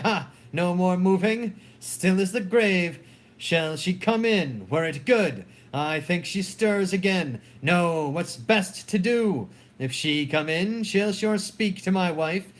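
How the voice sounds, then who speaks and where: A man reading the part of a proud, jealous general in a dramatic play reading, delivering the verse solemnly and deliberately. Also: high voice. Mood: agitated. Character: jealous anguished male general, proud and wrathful.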